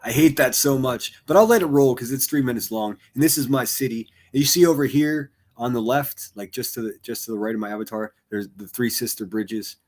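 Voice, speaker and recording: A man's voice: mid-range voice, brisk, few pauses, darkish tone. A man streaming and commentating, swearing constantly in a crude, mocking rant. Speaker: streamer reacting to other streams. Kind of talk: profane ranting commentary.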